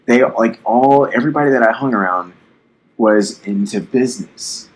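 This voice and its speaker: A man's voice: on the low side, a bit bright, rough recording. A young man in his twenties hosting a casual podcast, rambling bluntly with lots of swearing and fillers; his voice sounds youthful. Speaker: podcast host.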